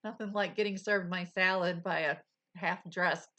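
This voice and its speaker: A woman's voice: on the low side, fairly even intonation, moderate pace, a bit bright, muffled recording. A woman streamer chatting casually with her live chat, laughing often and full of exclamations, at a desk mic.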